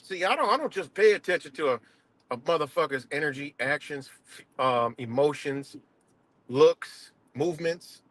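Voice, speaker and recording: A man's voice: fairly high pitch, lively intonation, normal speed, a bit bright. A man on a live stream, ranting in a heated and confrontational way, swearing often and repeating himself. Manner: profane, confrontational, repetitive.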